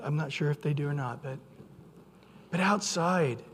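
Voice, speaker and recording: A man preaching a sermon as pastor, earnest and storytelling, with sudden loud quoted outbursts. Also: on the high side, moderate pace, slight background noise. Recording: long hall reverb.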